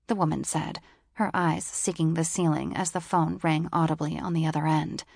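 A woman's voice: low voice, moderate pace, vocal fry, slightly rough, dry recording, studio quality. A woman narrating a first-person novel in a wry, sardonic storytelling manner. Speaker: audiobook narrator.

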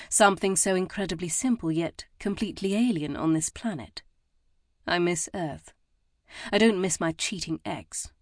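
Low-voiced woman narrating an audiobook. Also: no echo, studio quality. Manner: measured and expressive. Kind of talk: first-person scripted narration.

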